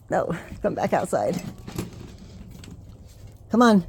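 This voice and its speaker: Low-voiced woman herding puppies. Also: unhurried, noisy background. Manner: coaxing and scolding puppies, often laughing and sighing. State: winded. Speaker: dog breeder filming her puppies. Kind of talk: casual vlog narration. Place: home and backyard, indoors and outdoors. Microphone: handheld video camera.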